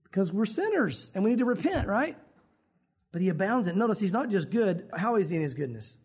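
Male pastor, high voice, slightly husky, animated conversational sermon delivery. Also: a little fast. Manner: animated, conversational preaching with acted quotes.

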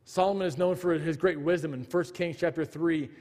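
A man's voice: a little high, fairly even intonation, brisk, a little mellow, big-room sound. A man in his thirties preaching a sermon, earnestly telling a family story and acting out the dialogue.

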